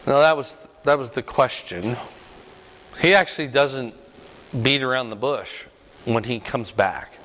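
A man leading a Bible study lesson in a relaxed, conversational way, often asking "right?" as he talks through the questions. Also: mid-range voice, unhurried, long pauses, big-room sound, a little hiss or hum, low-quality recording. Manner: conversational, frequent rhetorical "right?".

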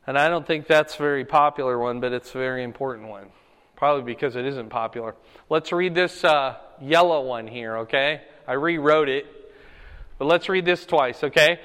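A man's voice: medium pitch, moderate pace, a bit bright, clean tone. A man teaching a Bible lesson as a pastor, emphatic and often checking in with "okay?" and "right?". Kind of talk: sermon-style Bible teaching. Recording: echoey hall with long reverb.

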